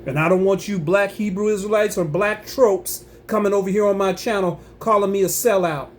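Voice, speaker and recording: A man's voice: high voice, steady tone, a little fast, a little hiss or hum. A man giving impassioned religious commentary on his own channel, emphatic and preachy, repeating himself and breaking into angry rising outbursts.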